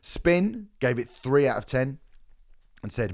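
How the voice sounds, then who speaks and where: A man's voice: medium pitch, big pitch swings, a little slow, darkish tone, no echo. A man co-hosting a podcast, reading reviews aloud with dry, sardonic asides and swearing. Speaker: podcast co-host.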